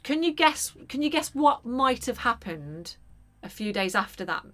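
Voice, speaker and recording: A woman in her thirties, a podcast co-host telling an animated, sweary story in casual chat. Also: on the high side, normal speed.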